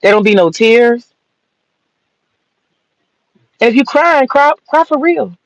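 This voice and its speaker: This commentator from the American South takes it slowly, her expressive voice sitting on the high side. She rants bluntly, mockingly, and profanely with plenty of sass, in a dull, dry lo-fi recording.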